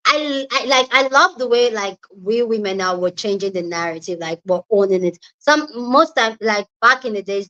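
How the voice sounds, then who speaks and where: A woman's voice: mid-range voice, fairly bright tone, muffled recording. A young woman from southern Nigeria with a Nigerian accent tinged by Delta pidgin, chatting casually with viewers on a livestream and greeting them by name. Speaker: livestream host. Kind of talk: casual live chat with viewers. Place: indoors at home.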